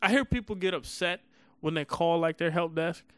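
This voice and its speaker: A man's voice: fairly high pitch, moderate pace, a bit bright, clean tone, dry recording, studio quality. Man laughing through a casual chat. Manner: laughs often, playful storytelling. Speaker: podcast co-host.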